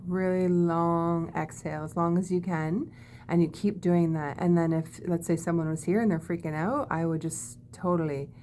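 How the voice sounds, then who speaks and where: Woman, calm wellness lesson, demonstrative, says "okay?" a lot, faint hum behind. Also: lowish voice, normal speed. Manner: gentle, demonstrative, repeats "okay?". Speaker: wellness teacher. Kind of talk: guided body-calming lesson.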